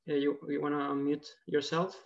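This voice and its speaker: A woman with a very low voice moderates an online meeting, calm and polite as she hands the floor to speakers. Her voice comes through a muffled, lo-fi video call. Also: a little fast.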